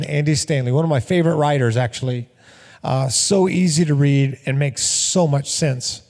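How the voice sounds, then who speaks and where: A man's voice: sits high, a little mellow, in a large hall. A middle-aged male pastor preaching a sermon in a conversational, storytelling way, often repeating words.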